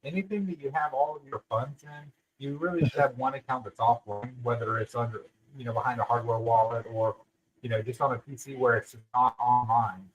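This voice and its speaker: A man's voice: mid-range voice, fairly even intonation. Rambling man with a faint hiss behind. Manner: rambling, halting, with many "you know"s. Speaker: podcast co-host. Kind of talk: casual podcast chat.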